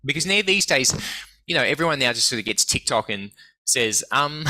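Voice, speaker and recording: A man spins animated anecdotes, swearing freely and acting out the voices of people in his stories. His voice has a forceful, bright edge. The recording is close and dry, with no room sound. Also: medium pitch, normal speed, no room sound. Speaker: guest. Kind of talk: casual storytelling.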